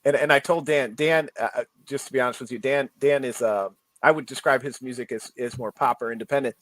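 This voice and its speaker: A man's voice: mid-range voice, fairly even intonation, a little fast, a bit bright, dry recording. A man who is a comic book writer, talking as a guest in a friendly way and telling stories with many restarts. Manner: friendly, storytelling, frequent restarts. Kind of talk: casual interview.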